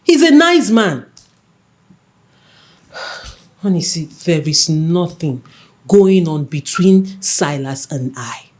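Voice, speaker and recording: An actress playing a young princess who soothes and coaxes her jealous lover, in a film scene with soft music under it. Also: on the low side, lively intonation, takes it slowly, pauses often. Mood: defensive. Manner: soothing, coaxing. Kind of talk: Nollywood film acting.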